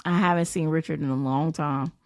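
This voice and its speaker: Low-pitched and fairly quick, this woman keeps a fairly even intonation. As a guest on a podcast, she chats casually and bluntly, sharing profane stories, voicing other people's quoted lines and laughing frequently.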